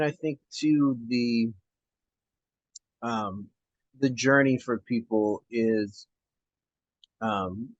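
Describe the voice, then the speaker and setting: A man hosting a podcast interview, talking in a halting way while he searches for his words. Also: on the low side, no echo, lo-fi sound. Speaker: podcast host. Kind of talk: casual interview chat.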